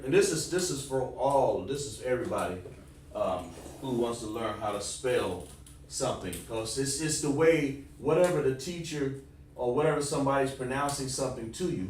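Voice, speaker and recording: A man teaching pronunciation, insistently repeating sounds slowly and coaxing his student to hear the difference. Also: mid-range voice. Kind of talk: pronunciation lesson. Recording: echoey room heard from a distance with faint noise.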